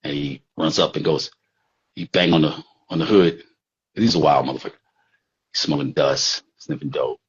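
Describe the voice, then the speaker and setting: A man's voice: extremely low pitch, normal speed, long pauses, breathy edge. A man around sixty, telling a rambling, profane street story in casual talk. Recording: dull lo-fi recording.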